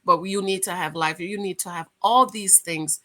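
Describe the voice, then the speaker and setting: Woman, middle-aged, casual vlog monologue, animated, bright forceful voice. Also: normal speed. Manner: animated storyteller, big swings in pitch and loudness. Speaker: channel host.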